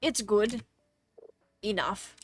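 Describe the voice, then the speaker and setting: A woman's voice: medium pitch, drawn-out words, a little hiss or hum, voice pushed up. A woman voicing a cheerful, encouraging male game character in a vague put-on accent. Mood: bossy.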